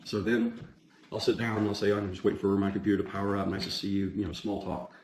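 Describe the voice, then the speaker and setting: A man's voice: lowish voice, level tone, quick pace, distant mic. A man casually explaining a comedy sketch, rambling with fillers and restarts. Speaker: comedy sketch director and actor. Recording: echoey room with faint noise.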